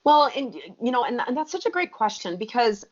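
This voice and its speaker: Speaking briskly and expressively in a fairly high voice, a thirtysomething woman guesting on a podcast recounts her story with energy and emphasis. The interview recording sounds muffled and lo-fi.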